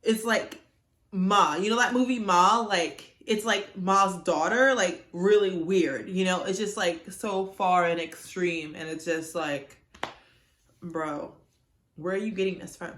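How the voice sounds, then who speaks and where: A woman's voice: fairly low pitch, measured pace, a bit bright. A young woman vlogging at home to her phone camera, candid and chatty with exasperated asides. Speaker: YouTuber. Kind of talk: casual vlog talk to camera. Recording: echoey room.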